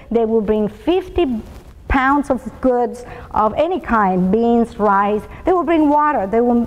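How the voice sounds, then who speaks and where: High-voiced woman with Venezuelan Spanish accent. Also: long reverb tail, dull audio. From Colombia and Venezuela. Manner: frequent ums and uhs, storytelling. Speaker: speaker at a school talk event. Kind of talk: prepared motivational talk.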